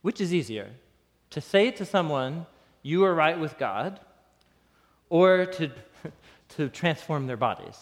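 A man preaching a casual, animated sermon, often breaking into laughter. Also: a little high, slow pace, long pauses. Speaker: pastor. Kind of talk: conversational sermon. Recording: long reverb in a hall.

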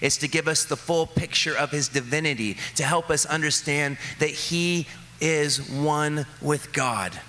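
Male pastor giving a sermon; bright, forceful tone, animated storyteller who drops into hushed sincerity. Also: a little high. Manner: animated storytelling, quoting his kids with rising excitement; slows to a soft, earnest delivery for reflection.

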